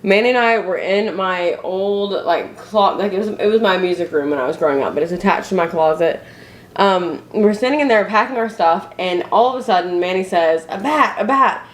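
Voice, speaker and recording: Young woman vlogging from home, rambly storyteller with lots of ums, lowish voice, echoey room with a bit of hiss. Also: a little fast. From Indiana. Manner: chatty storytelling with frequent fillers and restarts. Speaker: family vlogger. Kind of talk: casual chat to camera. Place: her home, indoors. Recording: echoey room, faint noise.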